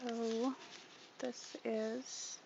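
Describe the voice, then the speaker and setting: Woman host, gravelly chatty voice, talking through a craft project at her desk; muffled lo-fi sound with background noise. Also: a little high, little pitch movement, extremely slow. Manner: chatty, thinking aloud while working. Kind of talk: casual craft tutorial. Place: home craft room at a desk.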